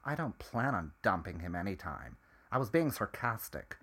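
A man's voice: on the low side, big pitch swings, moderate pace, fairly bright tone. A man voicing a young hotel worker with a dry, sarcastic manner.

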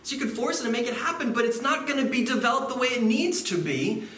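Pastor, male, bright voice, informal sermon delivery, recorded from a distance in an echoey room. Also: very high-pitched, fast talker, slight background noise. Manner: conversational, animated preaching with asides and acted-out quotes.

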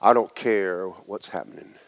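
A man preaching a folksy, animated sermon, jumping between shouts and hushed asides. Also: deep voice, unhurried, dry recording. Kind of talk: lively sermon with acted quotes.

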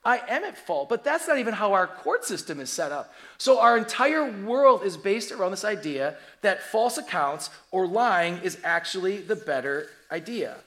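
A man in his forties preaching a sermon, telling stories in an animated, humorous way. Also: high-pitched, normal speed, hardly any pauses. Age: 40s. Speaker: pastor.

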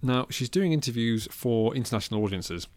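A man's voice: medium pitch, expressive, fairly quick, dry recording. Chatty Englishman, dry close mic. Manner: chatty, amused, trails off and restarts. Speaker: podcast co-host. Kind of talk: casual film chat.

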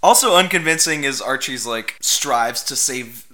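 An easygoing man co-hosting a casual podcast who recaps movie scenes with wry amusement. His voice is bright and forward, and his pitch sits in the middle of the range. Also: lively intonation, a little slow. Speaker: podcast co-host. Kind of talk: casual movie-review chat.

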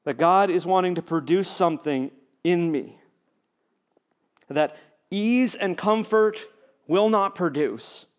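A man preaching a sermon as a pastor, talking conversationally, building to emphatic repeated lines and dropping to hushed near-whispers. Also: sits high, slow, long pauses.

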